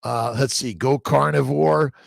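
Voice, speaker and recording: A man with a gravelly, creaky voice hosts a casual livestream, reading viewer comments aloud and greeting people by name. His talk is rambling and upbeat, full of repeated catchphrases and restarted words. The sound is dry and close, with no room around it. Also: mid-range voice, steady tone, unhurried, dry recording. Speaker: livestream host.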